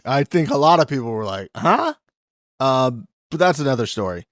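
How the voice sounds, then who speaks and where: Male podcast co-host, mid pitch, dry close-mic sound, lively casual recap banter. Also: fairly quick, no echo. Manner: animated, acts out quotes in put-on voices.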